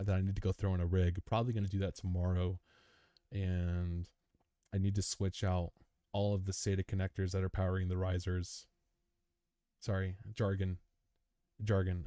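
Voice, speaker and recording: A man's voice: sits low, dark tone, no echo, clean studio sound. A man hosting a crypto live stream, chatting casually and answering viewer comments in a rambling, chummy way, worn out after a long session. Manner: laid-back, rambling, chummy, calls viewers dude.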